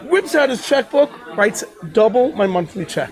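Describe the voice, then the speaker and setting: High-voiced man telling playful stories. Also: animated, unhurried, gravelly. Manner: playful, jokey anecdotes. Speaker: rabbi telling stories at a fundraiser. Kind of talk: casual storytelling.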